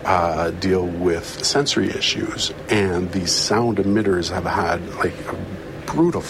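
A man with a very deep voice speaks haltingly, pausing on fillers and restarting his sentences. He was recorded in the field, with clear background noise behind him. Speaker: interviewee, community organization worker. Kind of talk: news interview clip.

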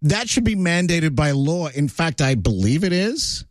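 A man's voice: on the high side, very animated, a little slow, dry recording. A man hosting a talk radio show, opinionated and sardonic, with lots of "uh" fillers. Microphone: studio broadcast mic.

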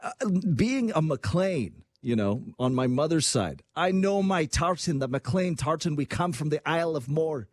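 A man hosting a radio talk show, talking in an energetic, rambling way. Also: a little high, unhurried, few pauses, dry recording. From Canada. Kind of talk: fast casual radio talk.

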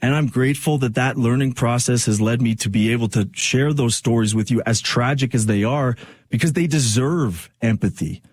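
A male radio host talks into a studio microphone in a dry, close sound. His voice is slightly husky, and he speaks earnestly and reflectively, often circling back with fillers. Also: medium pitch, moderate pace, a little mellow, no room sound. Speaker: radio talk show host. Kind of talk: personal radio monologue.

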